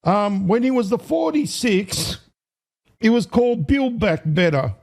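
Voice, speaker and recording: A man hosting an online commentary video, talking excitably to viewers, counting aloud and correcting himself as he goes. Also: sits high, a little slow, vocal fry. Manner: excitable, addresses viewers as ladies and gentlemen. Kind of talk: casual commentary to camera.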